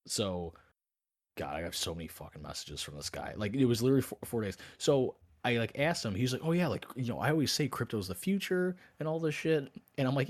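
Speaking at medium pitch and a moderate pace, a man co-hosts a podcast and spins a story in loose conversation. He's animated and profane, voicing both people in the exchanges he describes.

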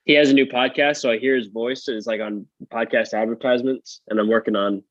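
A man's voice: medium pitch, steady tone, dry recording, highs cut off. A man co-hosting a podcast in casual chat, joking dryly and restarting his sentences. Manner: dry joking, halting restarts. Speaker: podcast co-host.

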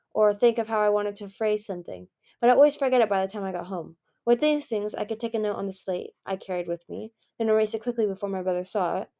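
Lady reading a book chapter out loud, bit of vocal fry, gets louder and higher on the dialogue. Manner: reads briskly, raising pitch and volume for dialogue. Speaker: fan reader of a novel. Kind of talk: audiobook-style chapter reading with character voices.

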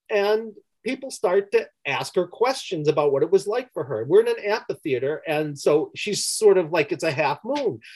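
A man's voice: sits high, a little mellow, rough recording. A male therapist recounting a session in conversation, emphatic and repeating key words for weight. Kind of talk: storytelling in conversation.

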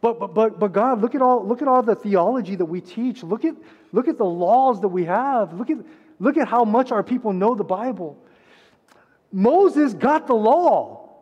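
High-voiced man preaching. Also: expressive, moderate pace, husky, highs cut off. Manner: preaching with dramatic swings between loud and hushed. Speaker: pastor. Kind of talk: sermon. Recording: long reverb of a large hall.

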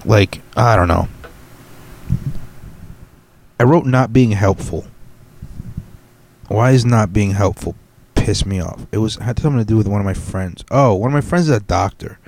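A man's voice: on the low side, normal speed, darkish tone, a little hiss or hum. A young man hosting a solo podcast, ranting bluntly with heavy swearing. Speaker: podcast host.

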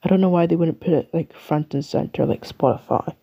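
Rambling young English woman, gravelly. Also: sits low, fairly quick, lo-fi sound. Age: young adult. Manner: chatty, rambling, self-mocking. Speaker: podcast host. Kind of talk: casual solo podcast chat.

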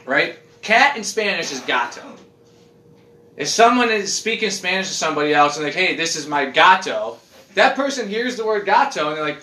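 Animated high-voiced man, echoey room. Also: slight background noise. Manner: rambling, animated, swearing, laughing. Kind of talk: casual chat.

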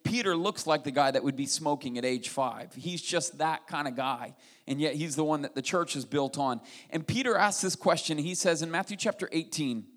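A man delivers a sermon in a slightly high-pitched voice. He preaches with animation, acting out the dialogue of the story and breaking off into asides for his listeners. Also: normal speed, a bit bright. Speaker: pastor.

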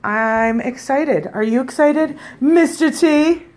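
A woman's voice: high-pitched, slow, a little mellow. Upbeat woman co-hosting a podcast. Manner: upbeat, teasing banter. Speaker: podcast co-host. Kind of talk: casual chat.

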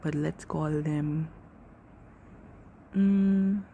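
A woman's voice: low-pitched, fairly even intonation, extremely slow, mellow, a little hiss or hum. A young woman in her twenties hosting a casual solo podcast, rambling and swearing freely as she corrects herself. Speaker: podcast host.

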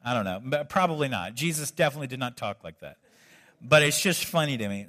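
A man's voice: medium pitch, animated, brisk, fairly bright tone. A male pastor preaching a sermon in a conversational way, breaking in with joking asides.

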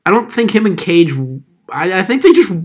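Young man, podcast host, casual chat, animated, laughing, slightly high pitch. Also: fairly quick, slight background noise. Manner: animated, laughing, quoting movie lines in funny voices.

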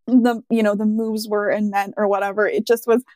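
A woman's voice: mid-range voice, level tone, a little fast, a little mellow, no room sound. A young adult woman co-hosting a casual gaming podcast, telling stories in a chatty, laughing way. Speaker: podcast co-host. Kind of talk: casual chat.

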